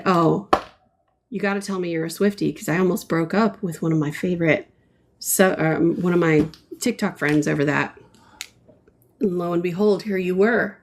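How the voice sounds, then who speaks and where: Painting live, a woman keeps up a playful back-and-forth with viewers' comments. Her voice is fairly low with a steady tone, and she talks at a normal speed.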